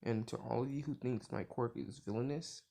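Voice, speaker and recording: A man voicing a brash, foul-mouthed young hero boy in a casual retelling, with a gravelly voice and crude trash talk. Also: medium pitch, normal speed, mellow. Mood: defiant.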